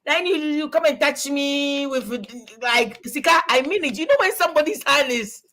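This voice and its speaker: A woman's voice: high-pitched, normal speed, fairly bright tone. A woman from Ghana, chatting casually and emphatically while giving relationship advice and calling out to a listener by name. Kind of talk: casual chat.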